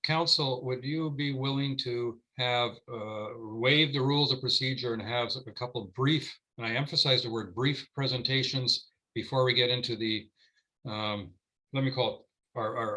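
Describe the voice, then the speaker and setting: A man's voice: medium pitch, fairly even intonation, moderate pace, pushed and bright, low-quality recording. A man chairing a town council meeting as mayor, often stumbling and repeating his words as he restarts.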